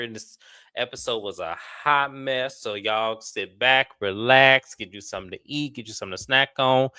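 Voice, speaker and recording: A man hosting a casual reality TV recap, blunt and animated, full of slang. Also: lowish voice, no echo. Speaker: reality TV review host.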